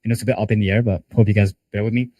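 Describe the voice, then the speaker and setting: Male sales coach leading a team call; rapid, casual delivery with a warm, low-bright tone. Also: fairly even intonation, no room sound. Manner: conversational, talks with hands-on examples and casual fillers. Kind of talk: live group training call.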